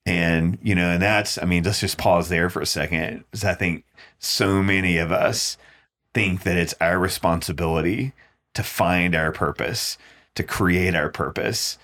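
Deep-voiced man reflecting on scripture. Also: fairly even intonation, a little slow, a bit bright. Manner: thoughtful, reflective. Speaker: podcast co-host. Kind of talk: casual Bible discussion.

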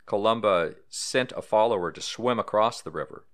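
A man's voice: on the low side, moderate pace, a bit bright. A man hosting a paranormal podcast, reading history and trivia aloud in a casual way with small asides. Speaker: podcast host.

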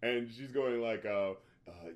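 A man's voice: medium pitch, a little slow. A man in a casual chat, retelling a movie scene by scene with lots of fillers and acted-out lines. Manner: animated retelling, acts out characters' lines, frequent fillers and swearing.

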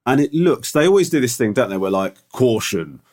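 A middle-aged man spins a story in loose podcast banter. His voice leaps up and down with lively pitch as he stumbles through restarts and fillers. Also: fast talker. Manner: animated, rambling with restarts and fillers. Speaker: podcast co-host. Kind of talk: casual storytelling chat.

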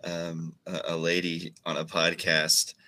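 A man hosting a podcast, chatting in a laid-back, halting way. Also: sits low, completely flat delivery, pushed and bright. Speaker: podcast host. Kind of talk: casual chat.

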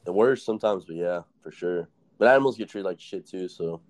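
A man's voice: low voice, fairly quick, a little mellow. A young man hosting a casual chat, telling stories in a rambling, profane way and laughing often. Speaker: podcast host.

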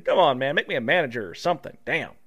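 A man's voice: mid-range voice, animated, fast, fairly bright tone, breathy edge, highs cut off. A man co-hosting a casual comedy podcast, reading news stories aloud and breaking off to joke and laugh. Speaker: podcast co-host.

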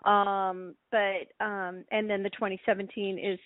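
A woman winemaker as an interview guest, talking in a relaxed, hesitant way with many pauses. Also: mid-range voice, no room sound. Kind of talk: casual interview. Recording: dry, phone-like call audio.

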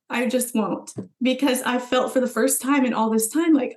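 A woman's voice: high-pitched, steady tone, normal speed, few pauses, darkish tone. A woman guest on a podcast, earnestly telling her own story in conversation and acting out what she thought back then. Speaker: podcast guest, former client. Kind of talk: personal story told in conversation.

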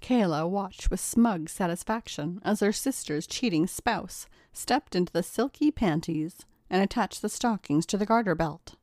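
A woman narrating a scripted story at a steady, even pace. Her voice sits in a plain middle register, and the recording is dry and close, with no room echo. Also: mid-range voice, a little slow, hardly any pauses.

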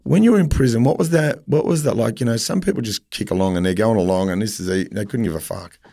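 A man's voice: lowish voice, fast, vocal fry, warm tone. A man hosting a casual interview, telling blunt stories and swearing freely. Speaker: podcast host.

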